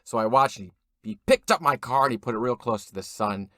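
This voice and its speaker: A man, an actor and guest, telling an absurd comedic story in a rambling, deadpan way with fillers and restarts. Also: medium pitch, fairly quick.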